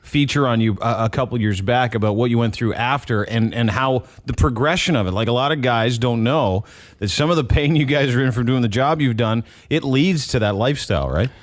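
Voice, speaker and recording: A man's voice: medium pitch, brisk. Joking male radio host. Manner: joking, emphatic repetition. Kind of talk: morning radio banter.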